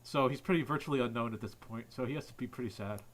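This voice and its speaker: A man's voice: mid-range voice, fast, noisy background. Profane ranting man reacting to clips. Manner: ranting, mocking, swears constantly, laughs at clips. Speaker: reaction video host. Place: home computer setup.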